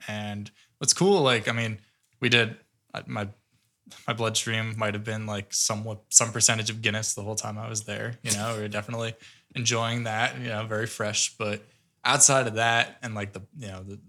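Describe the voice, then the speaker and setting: Bright-voiced rambling podcast co-host, a man. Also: lowish voice, little pitch movement, normal speed. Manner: enthusiastic, rambling, lots of filler words. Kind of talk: casual podcast chat.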